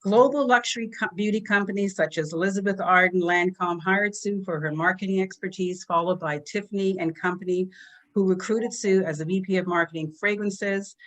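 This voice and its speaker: A woman with a fairly low voice introduces a guest speaker at an online business event. She speaks warmly and with feeling, often close to tears. The sound comes through a computer mic on a video call. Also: poor audio. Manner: warm and emotional, chokes up. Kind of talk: online business network presentation.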